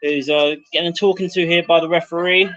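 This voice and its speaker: A man on the high side, quick-paced with fairly even intonation and a bit of brightness, handles play-by-play for a club livestream. He names players and lifts his voice as the action builds at a floodlit outdoor football ground, heard through dull lo-fi stream audio.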